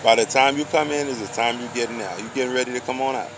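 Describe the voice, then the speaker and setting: A man's voice: medium pitch, fast talker, noisy background. A man giving a loose, slangy street monologue, preaching and firing off rhetorical questions.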